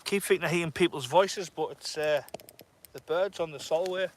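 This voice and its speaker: A man's voice: fairly high pitch, moderate pace. A man live-streaming outdoors at night, chatting casually to viewers. He talks in a nervous, jokey way as he reads out their comments. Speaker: fishing vlogger streaming live. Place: outdoors on a dark shore at night. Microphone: phone or camera on a tripod.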